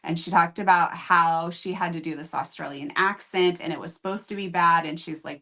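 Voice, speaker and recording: Book-review host, female, chatty and candid, sits low in her range. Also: fairly even intonation, moderate pace, few pauses, bright, forceful tone. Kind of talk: casual chat.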